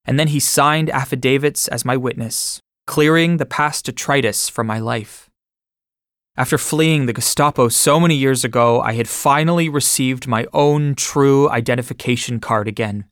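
A man narrating his own memoir in steady first-person storytelling, recorded close to the mic. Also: mid-range voice, no echo.

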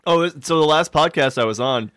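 A man's voice: fairly high pitch, fairly quick, a bit bright, dry recording. A man, a podcast guest and actor, telling a rambling comic story in casual chat.

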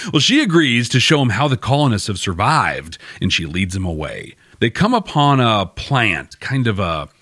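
In clean, echo-free studio audio, a podcast host recaps a TV episode in a chatty, wry way and laughs at his own jokes. His fairly low voice is very animated and fairly bright, delivered at normal speed.

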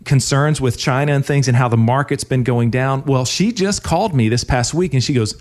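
A man's voice: mid-range voice, brisk, a little mellow. A man who is a financial advisor, hosting a radio talk show and telling a client story in a friendly, casual way with easy laughs.

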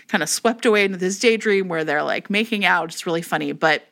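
A woman co-hosting a casual chat podcast, retelling a book's plot in an animated, chatty way. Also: lowish voice, a little fast, gravelly. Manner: chatty, animated storytelling with acted quotes. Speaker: podcast co-host. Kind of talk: casual chat about romance novels.

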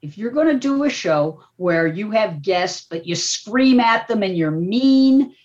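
An older woman, a media professor, talking as a podcast guest in an animated, emphatic way that often ends points with a quick "okay?". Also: medium pitch. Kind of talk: casual podcast talk. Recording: dull, muffled audio.

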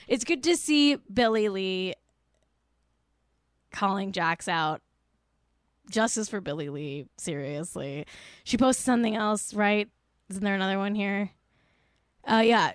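A woman's voice: mid-range voice, no room sound, studio quality. A woman giving exasperated, sarcastic commentary in a casual vlog, filling her talk with "like".

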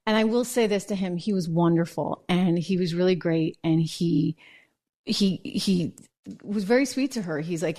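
A woman hosting a political commentary show, telling stories in a chatty, animated way. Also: on the low side, moderate pace. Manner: chatty, animated storytelling with laughs. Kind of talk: casual news commentary.

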